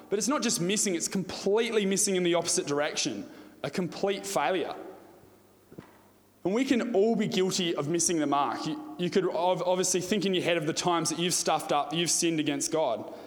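A man's voice: sits high, in a large hall. A young man with an Australian accent giving a storytelling youth sermon, chatty and often asking the audience questions. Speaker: youth preacher.

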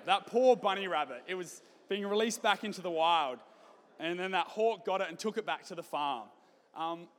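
A man's voice: high voice, a bit bright. A man leading a youth group, giving a chatty, joking talk to students. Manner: chatty, joking, conversational with fillers. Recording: long hall reverb.

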